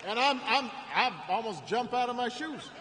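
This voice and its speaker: A man with a fairly high voice tells a story at a political rally. He repeats and restarts his words, pausing for effect. His voice rings through a large arena with a long echo and faint background ambience. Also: animated, noisy background. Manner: repeats words and restarts, builds stories with dramatic pauses. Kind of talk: storytelling campaign speech.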